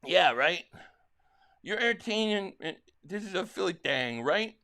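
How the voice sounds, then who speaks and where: A man from Philadelphia hosting a live football watch-along, excitably calling plays and reading viewer chats, stammering on restarts. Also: high-pitched, a little slow, vocal fry. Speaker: livestream host and fan.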